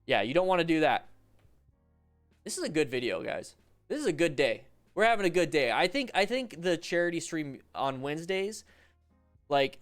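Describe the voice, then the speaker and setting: A man with a fairly high-pitched voice coaches motorcycle riders on a livestream, reacting to riding videos. He's animated and joking, rambling along with frequent restarts.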